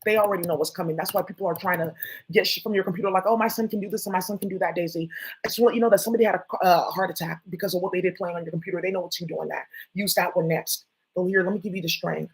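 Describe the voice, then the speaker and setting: A woman's voice: on the low side, fairly even intonation, rapid-fire, breathy edge, low-quality recording. A woman vlogger talking to her viewers in a rambling, jumpy monologue, swearing often.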